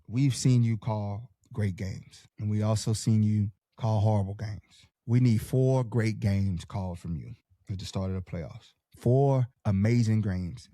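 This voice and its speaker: Fired-up slangy podcast host with a mellow voice. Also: male voice, fairly low pitch, no echo, clean studio sound. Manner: fired-up, slangy pep-talk delivery. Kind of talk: casual sports podcast chat, reading live comments.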